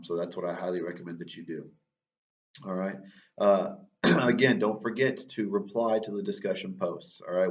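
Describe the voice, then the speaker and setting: A man with a low voice talks through class assignments in a relaxed, conversational way, checking in with "right?" as he goes. He sounds set back from the mic, and the recording is dull and lo-fi. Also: distant mic. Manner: casual, repeats "all right" and "right?" often. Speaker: teacher.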